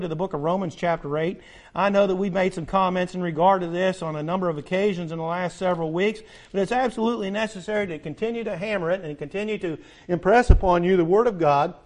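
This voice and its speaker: An older male pastor preaches a sermon in a high voice, emphatic and repetitive. He swings between loud declarations and hushed asides.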